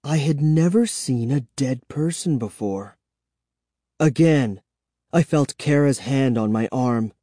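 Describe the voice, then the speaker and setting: A man reading a chapter of a spooky children's book aloud in first person, with expressive storytelling. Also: mid-range voice, slow pace, dry recording, studio quality. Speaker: audiobook narrator. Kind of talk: scripted first-person narration.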